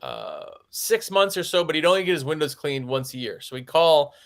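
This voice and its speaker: On a podcast, a man who owns a window cleaning business casually tells stories, saying "like" constantly. His gravelly voice sits on the high side, with big pitch swings, and he talks at a moderate pace.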